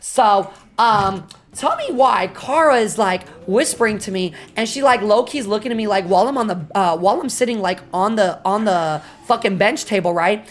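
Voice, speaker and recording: A young woman streamer telling a story to her chat, animated and full of swearing and fillers. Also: medium pitch, moderate pace, hardly any pauses. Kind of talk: casual storytelling to a live chat.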